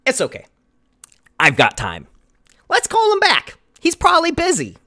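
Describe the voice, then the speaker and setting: A man's voice: very high voice, wildly swooping pitch, normal speed, sharp tone. A man streaming himself prank-calling and leaving voicemails, reading a script with theatrical, mock-dramatic flair and sudden exaggerated outbursts. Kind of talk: comedic voicemail rant.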